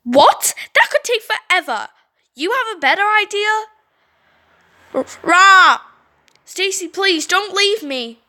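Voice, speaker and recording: A woman's voice: high voice, big pitch swings, brisk, bright, forceful tone, exaggerated voice. A woman reading the lines of a spiteful teenage cheerleader bully in a mocking, sing-song way. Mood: panicked.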